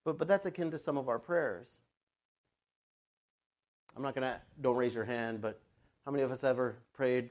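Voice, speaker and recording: A male pastor preaching a sermon in a relaxed, conversational way, dropping into quick quoted asides. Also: medium pitch. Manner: conversational, plays God and a child in quoted asides.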